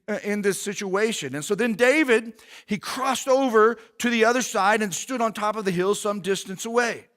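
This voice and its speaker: A male pastor gives a casual, conversational sermon. His voice sits high, with a bright, forceful edge. He talks to the congregation plainly and informally.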